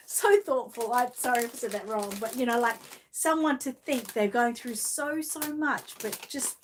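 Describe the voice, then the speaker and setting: An Australian woman hosting a live stream, opening a gift box and talking warmly and emotionally to her viewers in casual chat. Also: medium pitch, slight background noise. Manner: gushing, emotional, talks to viewers. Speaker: channel host unboxing a gift.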